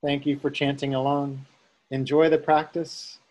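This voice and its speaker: A man teaching a Sanskrit lesson, calmly explaining sounds and chanting tones for students to repeat. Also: on the high side, a little slow, rough recording. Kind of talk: slow guided chanting lesson.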